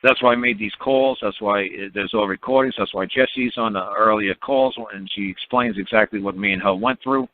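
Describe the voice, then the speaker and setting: A man's voice: lowish voice, normal speed, few pauses. Man, phone-line sound, rambling storyteller, acts out quotes, repeats words. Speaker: speaker on a call-in teaching line. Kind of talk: rambling casual phone talk.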